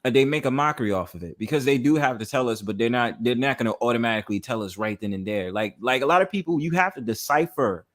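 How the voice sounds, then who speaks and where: A man's voice: mid-range voice, animated, quick pace, hardly any pauses, a bit bright. A man in casual podcast chat who rambles, agrees readily and laughs often, with many ums. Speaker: podcast co-host.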